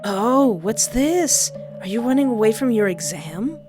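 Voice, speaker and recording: A woman's voice: on the high side, animated, unhurried. A woman voicing a mocking young male college bully who talks down to others, over background music. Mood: taunting. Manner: taunting, condescending.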